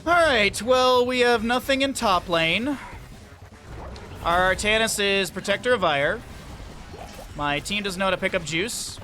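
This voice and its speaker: A man streaming a game, chatting casually with his chat and telling rambling, profane stories with quick asides. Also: high-pitched, expressive, sharp tone, faint music behind. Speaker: gaming streamer. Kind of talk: casual livestream commentary while playing.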